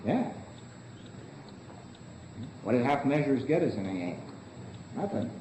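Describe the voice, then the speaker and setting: A man's voice: medium pitch, sing-song, takes it slowly, warm tone, highs cut off, slight background noise. A man leading a recovery book study in a meeting room. He asks the group question after question, answers them himself, and keeps saying "see.". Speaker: study leader. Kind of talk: Big Book study lecture. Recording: echoey room recording.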